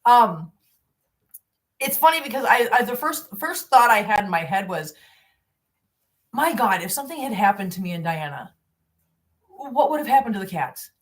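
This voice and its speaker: A woman of about sixty live-streams from home, her medium-pitched voice swinging widely in pitch at a moderate pace with long pauses. She runs a cat channel and chats in a rambling, heartfelt way, repeating herself and cooing baby talk at her cats.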